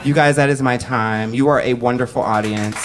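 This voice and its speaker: A man telling a comic story on a cabaret stage to a live audience, animated and profane, acting out the voices of the people in it. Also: mid-range voice, fairly quick, crowd noise.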